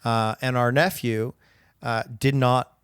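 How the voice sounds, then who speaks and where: A man's voice: mid-range voice, steady tone, takes it slowly, fairly bright tone, smooth, no room sound, studio quality. A man in his thirties co-hosting a casual podcast, telling reflective stories about his kids. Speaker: podcast co-host. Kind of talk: casual chat.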